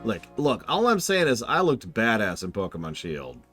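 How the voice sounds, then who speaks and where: A man streaming a video game, giving animated, jokey and sarcastic casual commentary. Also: lowish voice, moderate pace, soft background music.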